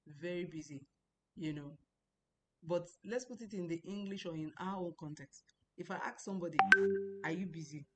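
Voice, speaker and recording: A woman giving a language lesson, explaining patiently and repeating words slowly to model their sound. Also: on the low side, heavy background noise. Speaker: language teacher. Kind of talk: recorded online lesson.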